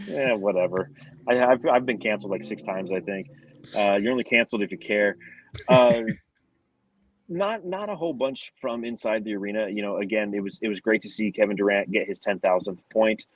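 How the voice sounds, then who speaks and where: A man's voice: fairly low pitch, moderate pace, no echo, poor audio. A man co-hosting a sports podcast from the arena, chatty and swearing, laughing easily. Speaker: podcast co-host. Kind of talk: casual sports podcast chat. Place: at an arena after a game.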